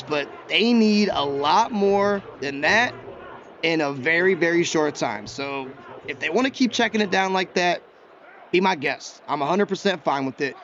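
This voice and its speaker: A man with a fairly high voice chats his way through a football video game, talking to himself and reacting to each play with quick bursts of excitement. The audio is a little dull, with a faint hum behind him. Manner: chatty, excitable, talks to himself while he plays. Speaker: gaming YouTuber. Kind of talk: live gameplay commentary.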